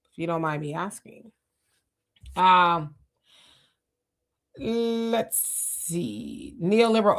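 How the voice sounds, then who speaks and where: A middle-aged woman hosting a live stream, reading viewer comments and talking loosely with many fillers and restarts, her mouth dry from fasting. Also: medium pitch. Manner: loose, conversational, reflective, with frequent fillers and restarts. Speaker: livestream host reading chat comments. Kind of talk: casual live talk.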